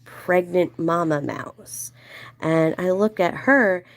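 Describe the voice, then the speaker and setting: A woman hosting a livestream, telling a casual story in a chatty way and acting out quoted voices in a higher, playful tone. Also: slow. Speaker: livestream host.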